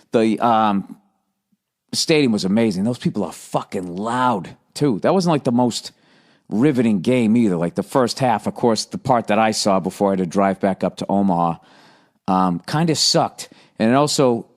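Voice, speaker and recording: A middle-aged man from the United States rambles through a profane story as he hosts his podcast. His voice sits fairly low, and he talks in a loose, offhand way. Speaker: podcast host. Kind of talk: casual monologue.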